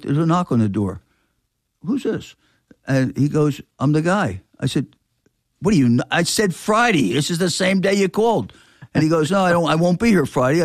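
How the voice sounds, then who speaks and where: A man's voice: on the high side, dry recording, clean studio sound. An older man, a record store owner telling a story in casual chat, acting out the voices of people in it. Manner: animated, acts out quoted dialogue.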